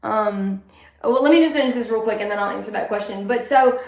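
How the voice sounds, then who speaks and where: A woman's voice: on the high side, a little fast, a little mellow. A young adult woman talking candidly and emotionally in a rambling personal monologue. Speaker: vlogger. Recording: echoey room.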